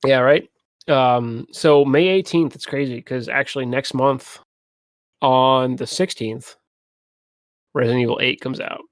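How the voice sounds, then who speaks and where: A young man co-hosts a casual podcast at a middle pitch, swearing freely and acting out quotes in funny voices. His voice is close and dry, with no room sound. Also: unhurried, no echo. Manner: animated, swears a lot, acts out quotes. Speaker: podcast co-host. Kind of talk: casual chat. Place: home streaming setup.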